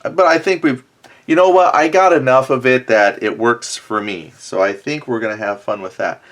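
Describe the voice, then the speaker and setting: A man hosting a casual board game let's-play, speaking in an ordinary middle-pitched voice. He thinks aloud, circles back to fix his own sentences, and drops wry, self-deprecating asides as he tours the maps. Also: normal speed, fairly bright tone. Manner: chatty, thinking aloud with many self-corrections. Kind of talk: casual tabletop game walkthrough.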